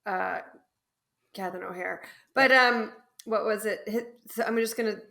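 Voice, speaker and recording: A woman's voice: medium pitch, moderate pace, vocal fry, bright, forceful tone. A woman who is a guest on a podcast, chatting casually and hesitantly. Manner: hesitant, full of fillers and restarts. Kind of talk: casual chat.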